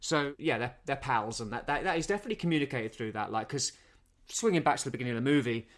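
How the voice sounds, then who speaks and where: A man co-hosting a casual film-review podcast, walking through the plot at length. He repeats words and restarts often as he goes, at a mid-range pitch. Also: animated, quick pace, a bit bright. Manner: rambling recap, many repeated words. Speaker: podcast co-host.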